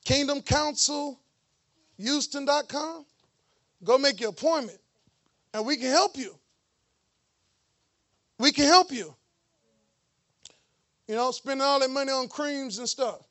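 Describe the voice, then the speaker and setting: A man preaching a lively sermon in church, with joking, mocking asides to the congregation. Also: very high-pitched, slow pace, long pauses. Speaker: pastor.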